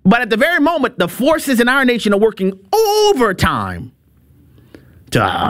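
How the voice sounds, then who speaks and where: Give me a high-voiced middle-aged man hosting an emphatic commentary show. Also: huge pitch swings, normal speed, a bit bright. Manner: emphatic, repeats himself, chuckles. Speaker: show host. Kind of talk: opinionated commentary monologue.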